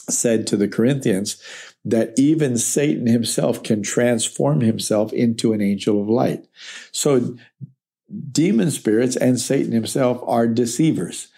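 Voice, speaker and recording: A man with a warm, mid-range voice teaches through a Bible letter verse by verse. His style is conversational and explanatory, and he checks in with listeners by saying "okay."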